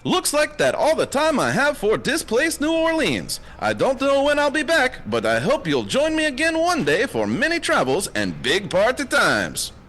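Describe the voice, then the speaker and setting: An actor playing a cheerful travel show host, speaking broken English. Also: male voice, extremely high pitch, huge pitch swings, normal speed, few pauses, a bit bright, a little hiss or hum, full character voice. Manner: broken English, upbeat announcer.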